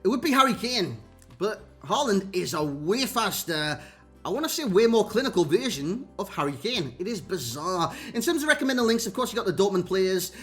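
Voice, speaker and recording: A man's voice: high-pitched, sing-song, moderate pace, soft background music. A Geordie man giving chatty commentary over gameplay clips, calling his viewers lads and mate. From North East England. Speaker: gaming YouTuber. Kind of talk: casual video game commentary.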